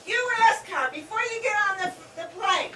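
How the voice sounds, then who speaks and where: A woman playing a shrill, scolding older sister. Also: lively intonation, normal speed, bright, forceful tone, a little hiss or hum, full character voice. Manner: scolding, gossipy. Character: bossy, suspicious older sister. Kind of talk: stage play acting. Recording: roomy stage sound from far off.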